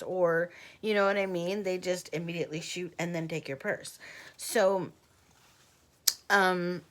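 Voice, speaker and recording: A candid woman from Texas tells a personal story in a loose, rambling way, full of "like" and "you know what I mean". Her voice sits a little low, with a bright, forceful edge. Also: steady tone, measured pace. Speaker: vlogger. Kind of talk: casual storytime narration.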